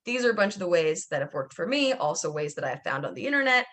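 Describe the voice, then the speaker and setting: A woman's voice: fairly low pitch, very animated, fast, fairly bright tone. A young woman hosting a podcast from home, talking candidly in a rambling, casual way with many fillers. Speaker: podcast host. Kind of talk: casual chat.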